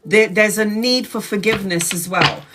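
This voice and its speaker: A woman's voice: medium pitch, normal speed, heavy background noise. A woman giving a live-streamed tarot reading, chatty and blunt, swearing casually as she talks. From Brazil. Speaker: tarot reader.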